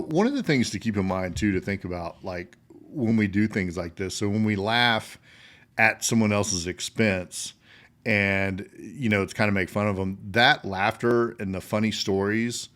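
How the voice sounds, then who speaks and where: A middle-aged American man with a fairly low voice tells old army stories in a loose, casual way. He chuckles through his sentences and leans on plenty of "um" and "you know" as he goes. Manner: laughs while telling stories, many fillers. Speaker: podcast host, army veteran. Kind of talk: casual storytelling.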